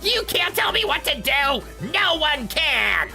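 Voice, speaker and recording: A woman's voice: high voice, very animated, takes it slowly, vocal fry, pushed and bright, faint music behind, pitched above the performer's own voice, full character voice. A woman voicing a whiny, edgy punk boy villain from a game while reading its dialogue aloud. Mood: defiant.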